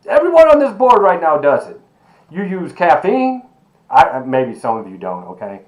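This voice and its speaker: A man teaching an online sociology lecture, animated and emphatic, asking rhetorical questions and calling his students baby. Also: a little high, moderate pace, muffled recording. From Miami. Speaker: sociology professor.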